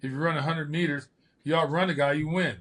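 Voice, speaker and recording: Speaking quickly in a slightly high voice, the older podcast host and former bodybuilder spins casual stories. He's a lively teller who performs the quoted lines himself.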